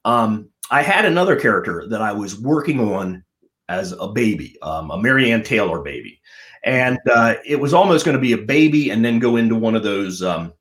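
Animated middle-aged male comedian. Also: moderate pace. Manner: animated storyteller, lively pitch swings. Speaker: guest comedian and ventriloquist. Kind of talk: casual interview chat.

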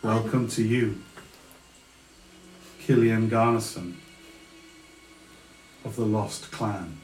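Regal, sing-song elf queen in a tabletop game, played by a man; calm and kind, slightly lowered voice. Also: slow, reverberant, a little hiss or hum, low-quality recording.

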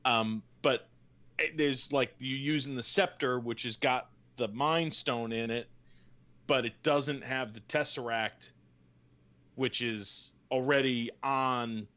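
Chatty male co-host who jokes and rambles, average pitch, slightly lo-fi recording. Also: steady tone, slow pace, sharp tone. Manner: rambling, jokey, full of fillers. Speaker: podcast co-host. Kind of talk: casual chat.

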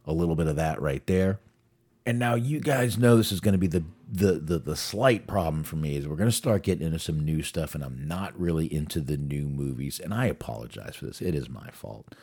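Very deep husky-voiced man rambling casually. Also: a little mellow. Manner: rambling, stumbles over words and restarts. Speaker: podcast host. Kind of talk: casual career rundown.

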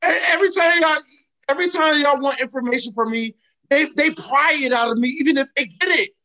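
A man's voice: very high voice, fast, sharp tone. A young man hosting a casual podcast, talking animatedly with theatrical protests and indignation. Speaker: podcast host.

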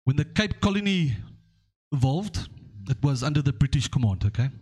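A man's voice: on the high side, animated, moderate pace, darkish tone, breathy edge. A man hosting a podcast, rambling through stories and history while checking in with "okay?". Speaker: podcast host. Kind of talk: casual podcast discussion.

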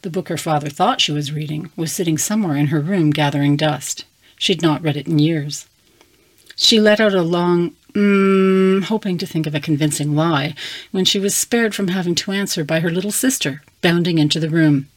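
A woman reading a fantasy story aloud with calm, measured narration. Her voice sits low for a woman. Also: husky. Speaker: story reader.

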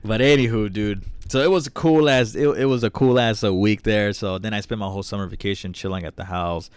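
A man's voice: on the low side, fairly quick, clean tone, no echo. A young man telling a long story in a casual, slangy, profane way, acting out what people said. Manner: slangy, profane, animated storytelling with acted quotes.

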